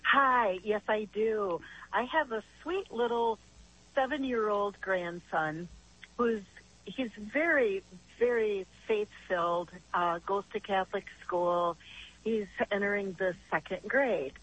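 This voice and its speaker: A woman's voice: mid-range voice, slow pace, a bit bright, breathy edge, rough recording. An older woman calling in by phone to a talk show, telling a long family story in a chatty way with many restarts. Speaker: caller. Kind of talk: phone-in question to a radio show. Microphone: phone call.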